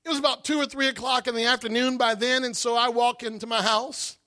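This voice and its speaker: A man giving a testimony in a sermon, an animated, dramatic storyteller. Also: very high voice, fast talker. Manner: animated, dramatic storyteller who acts out voices. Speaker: guest speaker giving testimony.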